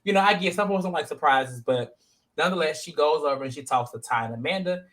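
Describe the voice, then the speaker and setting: A man hosting a casual reality-TV review chat, talking in a slangy, animated, rambling way with many fillers. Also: a little high, fast. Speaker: podcast host.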